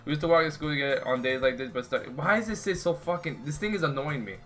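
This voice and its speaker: A man's voice: on the high side, animated, fast, hardly any pauses, music in the background. A young man streaming a game, rambling and swearing in exasperation while he chats with viewers and friends. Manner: talks to chat and friends. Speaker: gaming streamer. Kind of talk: casual live-stream commentary.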